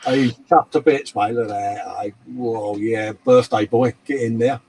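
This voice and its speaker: A man's voice: mid-range voice, steady tone, a little slow, darkish tone, breathy edge. A man, chatting casually and jokily on a live hobby show, laughing often and reading out viewer comments. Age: 40s. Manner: chatty and jokey, laughs often, calls people mate. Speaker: co-host of a live model-building chat show.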